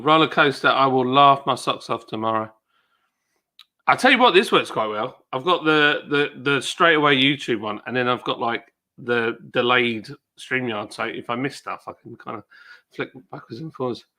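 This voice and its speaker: Excitable British man on a live stream. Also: mid-range voice. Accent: British English. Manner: excitable, laughs often, exclaims. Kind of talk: casual live stream chat.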